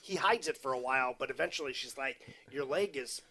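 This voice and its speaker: A man's voice: mid-range voice, fairly quick, a crowd in the background. A man casually discussing a film on a podcast, agreeing often and acting out the characters' lines. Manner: agreeable, chimes in, acts out quoted dialogue. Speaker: podcast co-host. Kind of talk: casual movie commentary chat.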